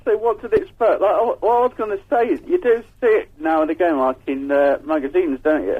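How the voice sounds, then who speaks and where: Guy calling in, super husky, slightly high voice, keeps butting in. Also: fairly even intonation, fairly quick, narrow, tinny audio. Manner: chatty, giggly, interrupts. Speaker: caller.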